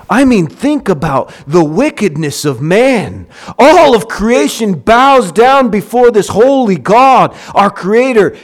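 A man preaching a sermon with passion, acting out short dialogues and swinging from loud to soft. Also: high voice.

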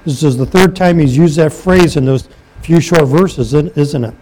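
A man's voice: on the high side, unhurried, dark tone, poor audio. A man preaching a sermon, reading scripture aloud and asking his listeners questions. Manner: reads scripture aloud and comments, asks the congregation questions. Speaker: pastor.

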